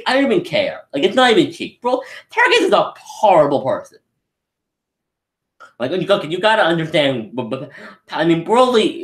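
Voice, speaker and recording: A man giving a casual, rambling live anime review, excitable and full of restarts. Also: a little high. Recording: echoey room.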